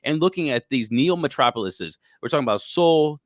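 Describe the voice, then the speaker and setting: A man's voice: mid-range voice, animated, fairly quick, no room sound, studio quality. A man co-hosting a political talk show, pushing back hard and getting exasperated. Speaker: co-host.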